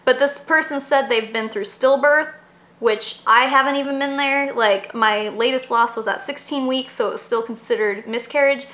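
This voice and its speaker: A woman's voice: on the high side, pushed and bright, reverberant. A young adult woman hosting a casual commentary vlog, emotional and swearing a lot. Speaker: YouTube host.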